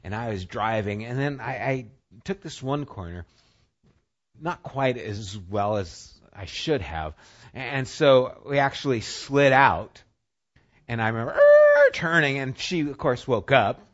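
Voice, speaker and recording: Conversational preacher, muffled lo-fi sound. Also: male voice, medium pitch, animated, a little slow. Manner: conversational, swings from loud and punchy to quiet and intimate. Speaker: pastor. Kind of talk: sermon with personal storytelling.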